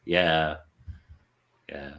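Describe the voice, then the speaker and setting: An English man with a West Yorkshire accent, soft-spoken and articulate, chatting casually on a panel and often putting himself down. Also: extremely low pitch, flat delivery, extremely slow. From England. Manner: rambling and self-deprecating, with frequent fillers. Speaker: panel guest.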